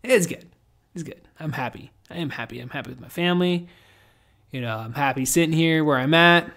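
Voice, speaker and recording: A man's voice: fairly high pitch, brisk, fairly bright tone. A man hosting a podcast in casual, reflective chat, rambling with lots of filler words and swearing. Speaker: podcast host.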